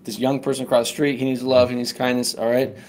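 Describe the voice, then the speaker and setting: A man's voice: mid-range voice, flat delivery, fast talker, darkish tone, slight background noise. Earnest man telling a story. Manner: earnest, tags points with "right?". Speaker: podcast guest. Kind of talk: casual conversational storytelling.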